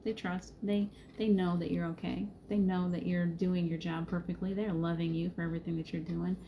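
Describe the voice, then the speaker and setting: A middle-aged woman with a lowish, mellow voice leads a live spiritual card reading. She talks in a soothing, reassuring way, laughs easily and greets her viewers by name. A faint hiss sits under her voice. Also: level tone, brisk, vocal fry. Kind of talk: gentle encouraging spiritual talk to live viewers.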